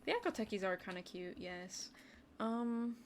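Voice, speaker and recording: A chatty woman streamer talks through her game at a desk mic, in a mid-range voice that addresses her viewers directly. She keeps up a loose, running commentary and slips into quick whispers now and then. Faint keyboard typing runs underneath. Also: medium pitch, animated, slight background noise. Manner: chatty, talks to chat, drops into brief whispered asides. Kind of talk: casual gaming livestream commentary.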